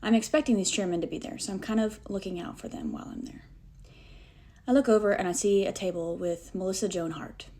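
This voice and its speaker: Animated woman telling a story to camera. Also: mid-range voice, fairly quick. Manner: animated, self-deprecating, acts out dialogue. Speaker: vlogger telling a personal story.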